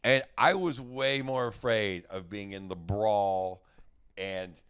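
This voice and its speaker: Man, middle-aged, low pitch, smooth resonant voice, rambling casual storytelling. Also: takes it slowly, a bit bright. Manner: rambling, restarts and acts out quotes. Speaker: guest comedian.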